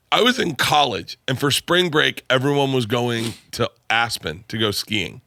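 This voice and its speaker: A man in his forties co-hosts a podcast, telling crude stories with a lively, swooping delivery. His voice is bright and forward, and he breaks into loud laughter. The sound is dry and close. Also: mid-range voice, normal speed, vocal fry, no room sound. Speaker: podcast co-host. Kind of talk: casual storytelling chat.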